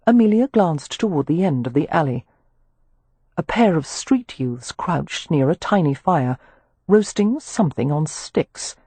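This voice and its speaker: An audiobook narrator reading a historical romance with expressive, animated storytelling. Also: mid-range voice, breathy edge, dry recording.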